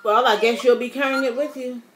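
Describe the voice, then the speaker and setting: A woman in her fifties with a high voice talks straight to her viewers in a casual vlog. She tells her stories chatty and dramatic, calling them y'all as she goes. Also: fairly even intonation, a little fast, music in the background. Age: 50s. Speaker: vlogger. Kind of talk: casual storytelling to camera.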